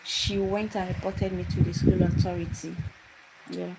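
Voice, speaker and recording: A woman's voice: lowish voice, little pitch movement, normal speed, creaky. A young woman, telling a personal story on a livestream in a casual, emphatic way and repeating phrases for emphasis. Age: young adult. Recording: loud background noise with clicks.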